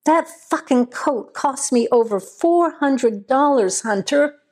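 Woman reading as a hot-tempered young man on the run, swearing and demanding, pitched fairly high. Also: expressive, slow pace, darkish tone, full character voice. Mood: furious.

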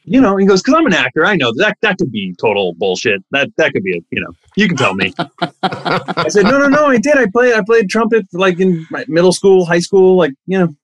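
A middle-aged man telling stories casually as a guest, animated, acting out the voices of the people he quotes with big jumps in pitch. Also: fairly quick, dry recording. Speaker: actor guest. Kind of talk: casual anecdotal storytelling.

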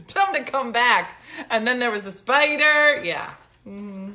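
A woman's voice: fairly high pitch, unhurried, sharp tone. A middle-aged woman casually chatting and telling stories on a home livestream, mock-outraged and laughing often. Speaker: livestream host. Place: home, indoors.

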